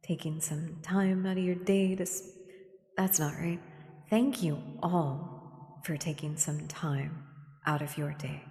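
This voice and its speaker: A woman streamer talking gently in a soft ASMR style, often slipping into a whisper. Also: sits low, steady tone, takes it slowly, vocal fry. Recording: echoey room with long reverb.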